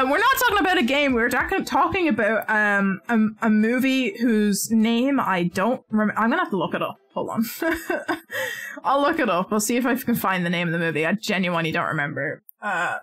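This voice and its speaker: A woman's voice: medium pitch, expressive, normal speed, a bit bright, faint music behind. A woman streaming live, chatting casually while she crochets, rambling and often restarting her sentences.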